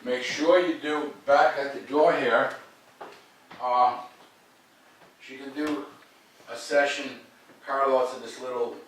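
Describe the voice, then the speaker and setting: A man's voice: medium pitch, steady tone, slow, pauses often, fairly bright tone. Guy dog trainer bossing the owners around, kinda far from the mic in an echoey room. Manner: direct, demanding, joking. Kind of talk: coaching dog owners at home. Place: home, indoors. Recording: roomy, distant, faint background noise.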